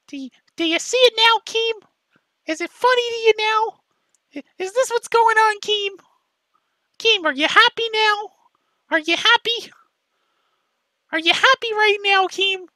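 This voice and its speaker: A whiny, self-pitying young man harps on a rival with shrill, repeated questions. The voice sits way up high and sounds bright and pinched, recorded dry and close with no room sound. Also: a little slow, pauses often, no room sound, exaggerated voice, rough recording. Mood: shrill ranting. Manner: nagging, repetitive, shrill questioning. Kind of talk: mocking impression in a commentary video.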